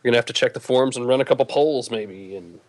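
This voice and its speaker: A man's voice: medium pitch, fast. A man on a tech podcast panel speaking in a wry, offhand way.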